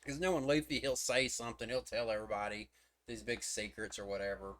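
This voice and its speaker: A man's voice: lowish voice, fairly even intonation, brisk, a bit bright. A man rambling through a casual, profane comic review from his room, full of fillers and restarts. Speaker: manga chapter reviewer. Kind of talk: casual streamed commentary.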